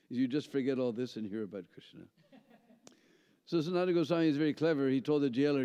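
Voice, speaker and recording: A man tells a lively story at a seminar. He pauses often with a questioning "hmm?" to keep his listeners with him. His voice sounds dark and mellow, and it carries a long hall reverb on a dull, muffled recording. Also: mid-range voice. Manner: animated storyteller, frequent "hmm?" and "huh?" checks to listeners. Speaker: seminar speaker. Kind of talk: storytelling lecture. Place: temple hall.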